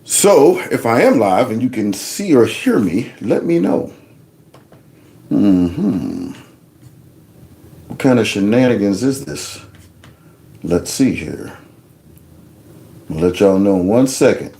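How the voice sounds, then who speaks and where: A man's voice: on the low side, big pitch swings, takes it slowly, gravelly, long pauses, warm tone. A man hosting his own livestream, talking loose and folksy and joking along. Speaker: livestream host. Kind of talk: casual live commentary.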